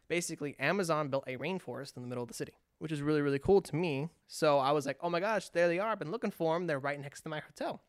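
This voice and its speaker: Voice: medium pitch, racing, hardly any pauses, dry recording, studio quality. A speaker from California telling a long personal story in casual chat, acting out quotes with lots of restarts. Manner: animated, acts out quotes, frequent restarts.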